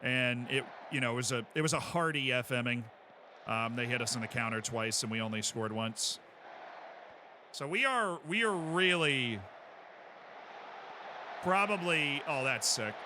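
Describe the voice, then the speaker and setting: A man streaming a football management game, chatting and excitedly calling the plays as they happen. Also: mid-range voice, a little slow, pauses often, background noise. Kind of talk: live game commentary.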